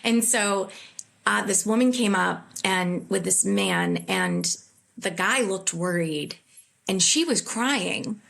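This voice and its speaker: A woman's voice: medium pitch, very animated, slow, creaky, a bit bright. A woman comedian being interviewed, telling candid stories in an earnest, self-deprecating way. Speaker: comedian guest. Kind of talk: conversational interview.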